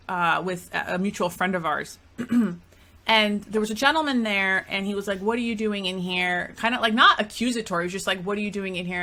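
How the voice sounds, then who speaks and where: A woman's voice: mid-range voice, sharp tone. A woman from Greece hosting a podcast, telling stories in casual chat and filling her talk with "like" and "you know". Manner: chatty storyteller, fillers like "like" and "you know". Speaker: podcast host and matchmaker.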